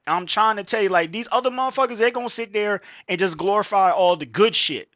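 Bright, rambling slangy male vlogger. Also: sits high, brisk, no echo, highs cut off. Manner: rambling, profane, many fillers and asides. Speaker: vlogger reacting to a video. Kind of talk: casual slangy commentary. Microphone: gaming headset microphone.

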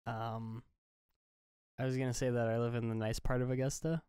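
A man's voice: medium pitch, level tone, normal speed, warm tone, clear, resonant tone, dry recording. A young man co-hosting a podcast, telling a rambling story with dry jokes in casual chat. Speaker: podcast co-host.

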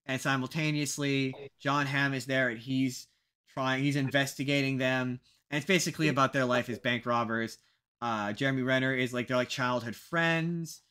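A young man co-hosting a casual podcast, rambling and animated, poking fun at his own past opinions. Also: mid-range voice, moderate pace, clean tone. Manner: animated, rambling, self-mocking. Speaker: podcast co-host.

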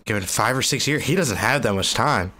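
A young man giving casual, excitable reaction commentary, often swearing and breaking into exclamations. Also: medium pitch, a little fast, background noise. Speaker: anime reaction youtuber.

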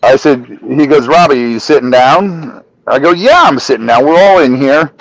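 A man on a podcast telling a story in casual, animated talk, swearing often and acting out the dialogue. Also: medium pitch, moderate pace, no echo, poor audio. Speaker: podcast guest.

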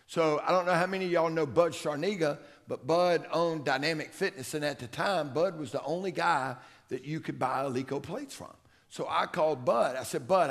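A middle-aged strength coach tells stories at a conference in a conference room, his fairly high voice marked by vocal fry. His talk is folksy and anecdotal, and he acts out the quotes he relays.

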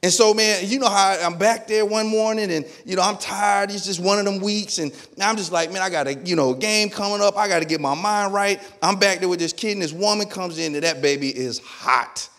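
High-voiced pastor preaching casually. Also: male voice, a little fast, few pauses. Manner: lively storytelling, acting out dialogue in his own voice. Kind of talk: sermon.

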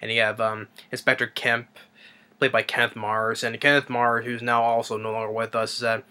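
Guy rambling thru a movie plot, bright clear voice, lots of ums and restarts. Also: medium pitch. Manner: rambling, hesitant, many fillers and restarts. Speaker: movie reviewer. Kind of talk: casual plot retelling.

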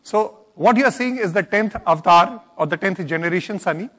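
Rapid high-voiced Indian executive. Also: male voice, a bit bright. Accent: Indian English. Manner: brisk, promotional, explains features. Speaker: car company executive. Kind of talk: product presentation at a launch. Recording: reverberant event hall.

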